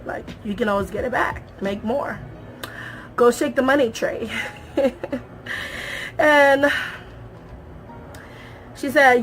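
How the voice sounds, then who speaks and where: Animated young woman recapping a show. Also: on the high side, takes it slowly, long pauses, slight background noise. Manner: animated, emphatic, repeats phrases for effect; talks straight to viewers, calls them y'all. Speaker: reality show recap vlogger. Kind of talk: casual recap commentary.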